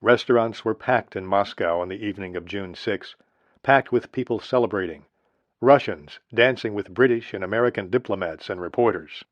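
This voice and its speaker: Low-voiced man reading history narration. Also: moderate pace, no echo. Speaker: audiobook narrator. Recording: dry, slightly dull lo-fi recording.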